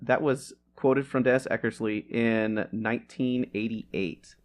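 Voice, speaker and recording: A man's voice: medium pitch, steady tone, unhurried. A man co-hosting a podcast in casual chat, rambling along with frequent restarts and laughter. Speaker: podcast co-host.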